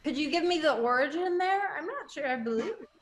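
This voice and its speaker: Breezy, quick-quipping woman guest. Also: high-pitched, expressive, crowd noise. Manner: breezy, laughs often, dry quips. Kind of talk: casual chat.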